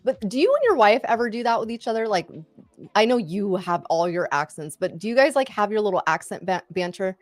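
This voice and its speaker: A woman's voice: medium pitch, lively intonation, fairly quick. A woman co-hosting a live trading show, chatting casually and laughing often. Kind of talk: casual chat.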